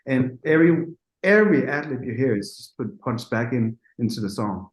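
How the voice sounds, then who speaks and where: A man of middle pitch spins a lively studio anecdote, slipping into the voices of the people he quotes and breaking off for quick asides. He sounds relaxed and conversational, and his voice carries a noticeable room echo. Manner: animated storyteller, acts out dialogue, quick asides. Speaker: music producer telling a studio story. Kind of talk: casual anecdote in an interview.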